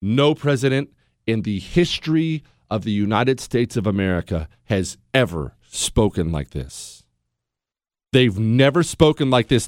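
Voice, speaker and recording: A man hosting a call-in radio show, indignant and incredulous, swinging from low mutters to loud outbursts into a studio microphone. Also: sing-song, measured pace, no echo. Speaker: radio talk show host. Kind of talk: opinionated call-in talk radio.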